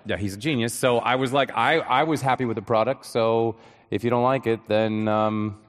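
A man as a guest on stage, chatting casually with deadpan, self-deprecating jokes and halting restarts. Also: medium pitch. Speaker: guest actor. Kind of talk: casual interview chat. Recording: live hall reverb.

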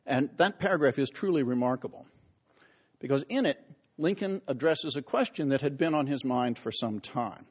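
A man's voice: mid-range voice, normal speed, slightly rough. A middle-aged man giving a public history lecture, telling stories with wry asides and dramatic emphasis.

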